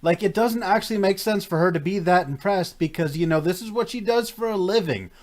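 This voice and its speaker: A man's voice: sits high, fairly quick. A man giving casual reaction commentary to a show, sarcastic and mocking, laughing often. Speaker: reaction video host.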